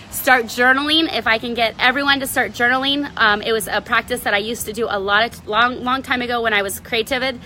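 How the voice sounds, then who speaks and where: Bright high-voiced woman coaching. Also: slight background noise. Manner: animated, keeps tagging "right?". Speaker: life coach hosting a live video. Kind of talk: casual motivational talk.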